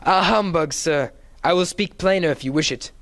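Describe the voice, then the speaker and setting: A man voicing a stern, dignified older gentleman in a dramatic reading, speaking in deep, slow, solemn pronouncements.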